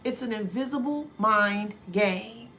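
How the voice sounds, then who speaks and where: A woman's voice: medium pitch, slow pace, pushed and bright, a little hiss or hum. A woman giving a spiritual tarot card reading to her viewers. She laughs often and slips in mocking asides.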